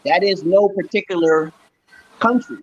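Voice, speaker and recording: Insistent husky-voiced man lecturing. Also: sits high, measured pace, lo-fi sound. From Brooklyn, New York, USA. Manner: emphatic, repetitive, insistent. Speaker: livestream host. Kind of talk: lecturing livestream chat.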